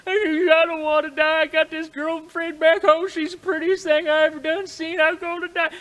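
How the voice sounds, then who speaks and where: A man's voice: very high voice, little pitch movement, normal speed, a bit bright, pitched above the performer's own voice. A man voicing a panicked young male trapper who whimpers and pleads, told outdoors in snowy woods. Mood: whining.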